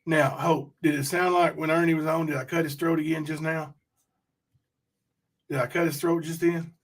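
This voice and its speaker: Male livestream host, conversational, talks straight to viewers, voice sits a bit high. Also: flat delivery, normal speed. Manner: chatty, rambling, addresses chat directly. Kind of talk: casual livestream chat reading viewer comments.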